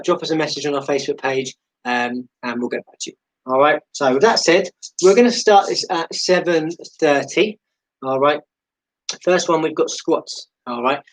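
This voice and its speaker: A man's voice: fairly high pitch, rough recording. Chatty, encouraging man leading a workout. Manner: encouraging, chatty, self-deprecating asides. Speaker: fitness instructor. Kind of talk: live-streamed exercise class instruction.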